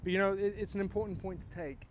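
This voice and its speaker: A man's voice: sits high, fairly even intonation, fast, a little hiss or hum. An English man with a posh accent, a filmmaker musing in a rambling, self-mocking vlog monologue recorded outdoors. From England. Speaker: filmmaker, vlogger.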